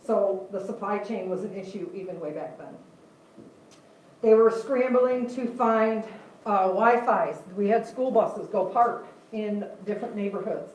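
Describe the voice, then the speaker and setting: A woman's voice: medium pitch, a little mellow, slight background noise. Older lady talking to a class, chatty and laughing, really echoey room, sounds far from the mic. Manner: chatty, laughs often, asks the audience questions. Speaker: guest speaker. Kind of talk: classroom talk. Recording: echoey room, voice heard from a distance.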